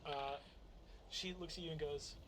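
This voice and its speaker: A man's voice: fairly high pitch, fairly even intonation, unhurried, noisy background. A man narrating as game master of a tabletop game on a livestream, rambling and often laughing.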